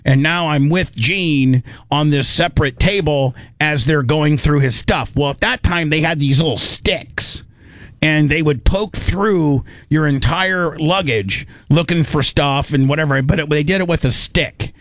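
A man's voice: on the high side, a little slow, dry recording, clean studio sound. A man casually telling a funny story, acting out the people in it and often laughing. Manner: animated, acts out voices, laughs often.

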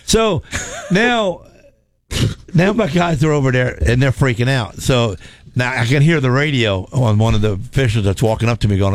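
Male storyteller, animated and folksy, dry close sound. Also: medium pitch, a little fast, no echo. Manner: animated, repetitive, folksy, laughs often. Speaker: race car driver telling a story. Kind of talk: casual storytelling chat.

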